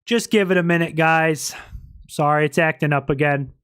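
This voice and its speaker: High-voiced streamer chatting to viewers. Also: male voice, moderate pace, fairly bright tone, clean tone, dry recording, studio quality. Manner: chatty, apologetic asides to viewers. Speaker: live streamer reacting to a video. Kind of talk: casual live-stream chat.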